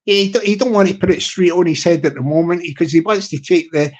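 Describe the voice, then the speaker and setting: Man, higher-pitched voice, rambling comic monologue, live-stream host. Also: fast talker, muffled recording. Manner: rambling, with many restarts and asides.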